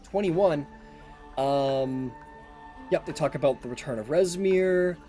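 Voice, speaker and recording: A man narrating a tabletop game as game master, relaxed and heavy with fillers. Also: fairly high pitch, takes it slowly, soft background music.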